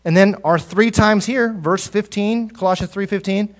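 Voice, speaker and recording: A male pastor preaching a sermon, rising to loud emphatic peaks and dropping to soft, low asides, often repeating words as he goes. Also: normal speed.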